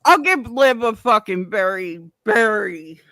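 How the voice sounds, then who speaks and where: A woman's voice: medium pitch, measured pace, no room sound. A woman live streamer chatting casually with her audience, blunt and profane as she tells her stories. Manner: blunt and profane, animated storytelling. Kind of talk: casual livestream chat.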